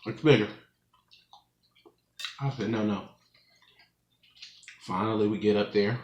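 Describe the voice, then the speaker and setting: In an echoey room at home, a man in his twenties rambles through a story for his mukbang audience and laughs often. He talks at a moderate pace in a fairly low voice.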